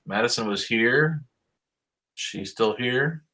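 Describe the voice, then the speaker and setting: A man's voice: medium pitch, normal speed, pushed and bright. A middle-aged man, a band director on a video call, praising his seniors in an upbeat, rambling way full of fillers. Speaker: high school band director.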